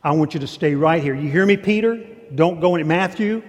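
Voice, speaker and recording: A preacher voicing a hushed, gentle Jesus. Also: male voice, a little high, a little fast, long reverb tail, lightly acted. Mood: earnest. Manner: soft, hushed, intimate. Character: Jesus, calm gentle man speaking softly.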